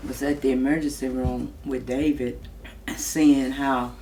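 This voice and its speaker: A middle-aged woman telling family stories in a documentary interview, in an unhurried, heartfelt way. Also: extremely low pitch, flat delivery, a little mellow, a little hiss or hum. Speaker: interviewee, sister.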